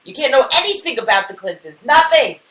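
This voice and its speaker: A woman's voice: sits high, very animated, a little fast, a bit bright. A woman co-hosting a comedy talk show, chatting casually with incredulous remarks. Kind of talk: casual chat. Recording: roomy, distant from the mic.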